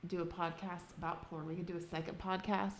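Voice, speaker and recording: Gravelly, fast-talking woman co-host. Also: lowish voice, little pitch movement, a crowd in the background. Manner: chiming in with quick agreeing remarks. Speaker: podcast co-host. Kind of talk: casual chat.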